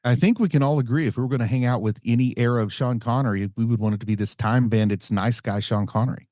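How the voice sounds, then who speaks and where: A man's voice: mid-range voice, quick pace, darkish tone, no room sound, studio quality. A man co-hosting a movie podcast in casual chat, making wry jokes. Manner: wry, joking. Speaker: podcast co-host.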